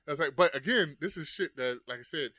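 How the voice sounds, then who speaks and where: A man's voice: a little high, lively intonation, brisk, sharp tone. A man in his thirties chatting casually on a podcast, telling loose stories full of swearing and "like" fillers. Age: 30s. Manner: loose, profane storytelling with many "like" fillers. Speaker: podcast host.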